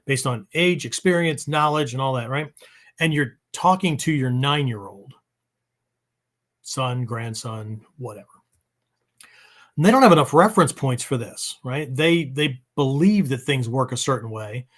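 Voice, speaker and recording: A man's voice: mid-range voice, animated, unhurried, fairly bright tone. A man hosting a training podcast, talking casually and rambling, checking in with "right?" at the end of many sentences. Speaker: podcast host. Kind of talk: casual spoken podcast monologue.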